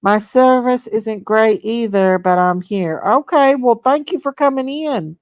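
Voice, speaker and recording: A woman hosting a casual livestream. She reads viewer comments aloud, greets people by name and gushes with excitement. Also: on the high side, measured pace, no room sound, studio quality. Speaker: livestream host. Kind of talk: casual live chat reading viewer comments.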